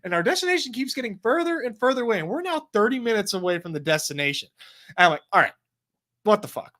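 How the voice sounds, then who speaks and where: Animated storytelling man with a lively pitch. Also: fast. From Texas. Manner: animated storyteller, swears, many likes and restarts. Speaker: podcast co-host. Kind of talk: casual chat, storytelling.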